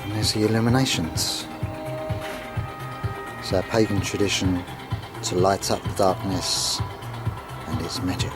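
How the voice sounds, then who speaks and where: Rambling man over background music. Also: sits low. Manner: meandering, with many pauses and fillers. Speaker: vlogger filming at home. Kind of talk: casual handheld video tour. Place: home kitchen and garden. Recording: music clearly behind the voice.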